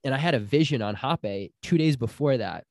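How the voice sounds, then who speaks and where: A man's voice: medium pitch, moderate pace, no echo, clean studio sound. A young man telling a personal story in casual chat, acting out the people he quotes. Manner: animated storyteller, acts out quotes.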